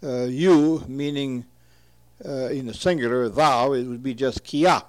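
Slow, careful man reading word glosses. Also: mid-range voice. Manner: reads each entry aloud, repeats native words carefully and explains them. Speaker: translator of an old word list.

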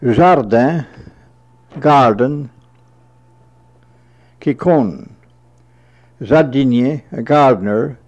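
A man slowly reading through a word list, giving each entry and its translation, sometimes repeating a word. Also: mid-range voice, a little mellow. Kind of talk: slow dictionary reading with translations. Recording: dull lo-fi recording.

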